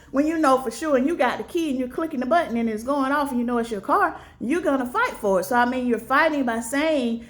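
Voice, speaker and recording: A woman's voice: brisk, hardly any pauses. A woman vlogger speaking earnestly in a casual, preachy way, encouraging her viewers to fight for themselves. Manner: preachy and earnest, acts out little dialogues with big pitch jumps. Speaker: motivational vlogger.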